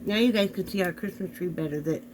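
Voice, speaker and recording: Chatty man with a higher voice. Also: quick pace, a little mellow, slight background noise, low-quality recording. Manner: chatty, rambling, addresses viewers directly. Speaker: vlog host. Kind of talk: casual chat. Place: home bedroom, sitting on the bed. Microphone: camera on a desk.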